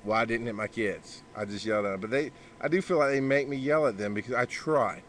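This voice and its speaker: A man's voice: mid-range voice, fast talker, fairly bright tone, slight background noise. A man talking casually to the camera in a blunt, profane way, scolding his kids between thoughts, outdoors by a pool. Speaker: podcaster and father. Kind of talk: casual vlog monologue.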